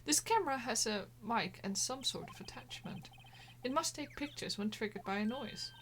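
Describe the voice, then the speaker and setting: A woman reading an exasperated young defense lawyer from a game. The voice is bright and a little high. He stammers when put on the spot. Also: lively intonation, normal speed, a little hiss or hum. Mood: dry exasperated. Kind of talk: reading game dialogue aloud.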